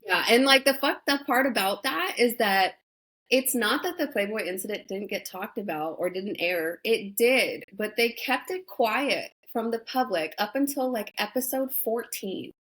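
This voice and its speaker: A woman's voice: fairly high pitch, unhurried, fairly bright tone, rough recording. A young adult woman, a guest on an interview show, talking candidly and bluntly, with frequent swearing and lots of "like" and "you know" fillers. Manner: emphatic, blunt, swears freely. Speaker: interview guest, former reality show contestant.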